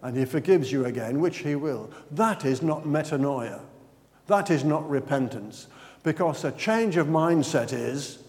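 A man's voice: a little high, measured pace. Man preaching with questions in an echoing hall. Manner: questions the congregation, animated and conversational. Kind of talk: sermon. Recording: long reverb of a large hall.

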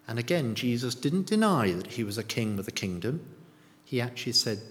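A man's voice: on the low side, normal speed, fairly bright tone. A man preaching a sermon in a church, often putting rhetorical and tag questions to the congregation. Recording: long church reverb.

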